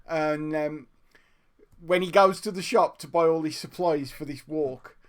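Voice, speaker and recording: A man and podcast co-host, telling a story in an animated, laughing way during a casual live chat. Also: a little high, unhurried. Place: home room, streamed live.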